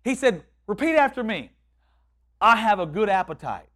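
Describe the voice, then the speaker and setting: A man with a high voice preaches in a loose, conversational way. He restarts and repeats phrases, then slips into quoted voices to act out what people say. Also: sing-song, moderate pace, fairly bright tone. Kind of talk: sermon.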